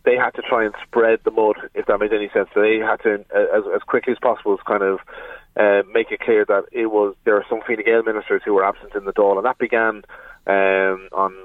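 A man's voice: on the low side, level tone, a little fast, no echo. A man with an Irish accent, a political editor speaking down a phone line on a radio show, explaining steadily with many fillers and restarts.

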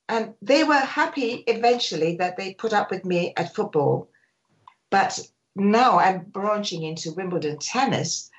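An older woman, a sports photographer, telling animated stories in a radio interview and acting out quotes. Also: mid-range voice, a little slow, highs cut off. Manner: animated storyteller, acts out quotes.

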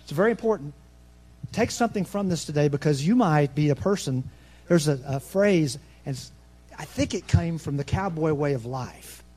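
A pastor preaching a sermon, nervous and fast-talking, with folksy asides that swing between soft remarks and loud, ringing proclamation. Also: male voice, a little high, lively intonation. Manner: folksy, self-deprecating asides.

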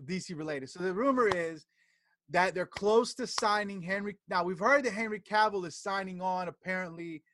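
A man's voice: high voice, normal speed, bright, forceful tone, slight background noise. A man co-hosting a casual podcast chat, rambling and hesitant as he works through notes. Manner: rambling, hesitant, fillers while reading notes. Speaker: podcast co-host. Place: podcast studio in Atlanta.

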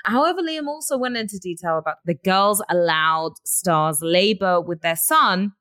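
A woman's voice: mid-range voice, lively intonation, normal speed, a bit bright, no echo. An English woman hosts a casual celebrity news chat. Her voice sits in a mid range and sounds dry and close. She reads gossip items aloud, then gives her blunt opinions. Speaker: host.

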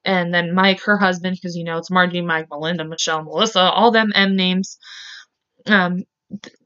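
A woman's voice: on the low side, fairly even intonation, moderate pace, a bit bright, smooth. A woman hosting a true crime podcast, telling the case casually and bluntly, full of "like" and "um". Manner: chatty, heavy use of "like" and "um"; openly emotional and blunt. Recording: slightly dull, lo-fi sound.

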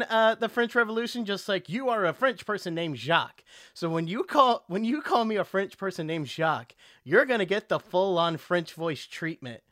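A man who is a voice actor, a guest in a casual interview, telling animated stories and slipping into character voices. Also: on the high side, no room sound, studio quality.

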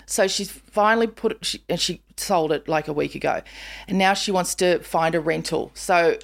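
A woman hosting a podcast in casual chat, talking emphatically and dropping to a hush when she quotes someone. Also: on the low side, normal speed, creaky. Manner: chatty, emphatic, drops to a hush when quoting. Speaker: podcast host.

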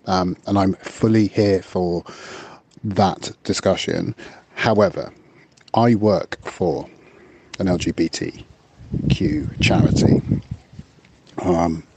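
A man's voice: sits low, warm tone, husky. A man leaving a chatty voice message for a podcast, a little unsure of himself. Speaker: caller.

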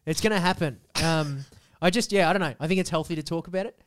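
A young Australian man co-hosting a podcast, telling rambling, animated stories in casual chat. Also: a little high, fast. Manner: rambling, animated storytelling with restarts. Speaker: podcast co-host.

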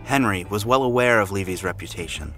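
A man narrating as a podcast host in a scripted, measured delivery. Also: low-pitched, animated, a bit bright, soft background music.

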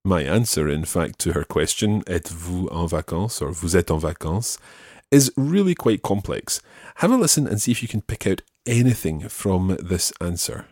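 A man teaching French phrases in a calm studio voice, repeating each phrase slowly and clearly. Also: low-pitched, no room sound. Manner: slow careful repetition of phrases. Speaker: language teacher.

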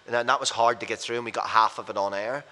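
A man with a bright, forward voice tumbles through blunt, self-mocking stories at high speed. He sits a touch low in pitch, chatting casually as a podcast guest. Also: fairly even intonation, fast talker. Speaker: radio presenter and podcast guest. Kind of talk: casual storytelling chat.

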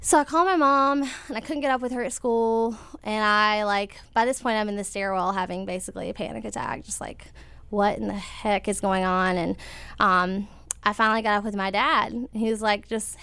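A woman's voice: fairly high pitch, fairly even intonation, moderate pace, fairly bright tone, clean tone, no echo. A young woman, telling a personal story in casual conversation, full of fillers and little laughs. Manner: chatty, many fillers, laughs while telling.

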